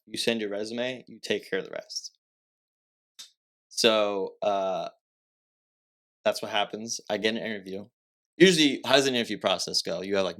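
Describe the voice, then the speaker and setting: A young man with a slightly low voice tells a personal story as a podcast guest. His talk is casual and rambling, full of filler words, with restarts and self-corrections as he works his way through it. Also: a bit bright. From Massachusetts.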